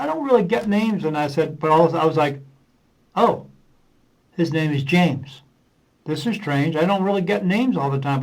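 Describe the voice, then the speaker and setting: A man's voice: on the high side, low-quality recording. A man who works as a medium, a podcast guest telling casual stories and acting out conversations with plenty of uh fillers. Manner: rambling anecdotes, acting out dialogue with many uh fillers. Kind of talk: casual storytelling in a podcast interview.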